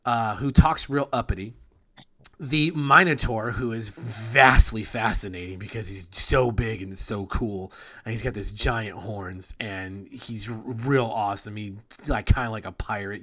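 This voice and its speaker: A man's voice: lowish voice, a bit bright. A man narrating a tabletop game as game master, rambling casually, swearing and trailing off mid-sentence.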